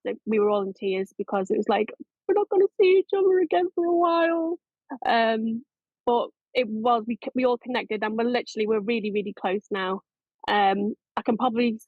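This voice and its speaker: A woman's voice: medium pitch, no echo. A middle-aged woman, a makeup and effects artist, chatting in an interview in a rambling way with many restarts. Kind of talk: casual interview chat. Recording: dry, tinny phone-like line.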